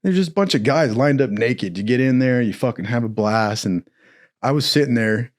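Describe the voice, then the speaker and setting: A young man spins a loose, rambling story, peppering it with curses and bursts of laughter. His voice sits at a middling pitch, animated and casual. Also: moderate pace.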